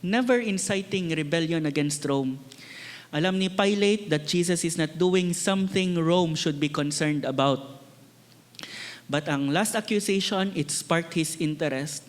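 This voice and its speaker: Filipino pastor preaching in a hall. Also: male voice, a little high, unhurried. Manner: earnest preaching, switching between English and Tagalog, repeating words for emphasis. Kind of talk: sermon. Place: church.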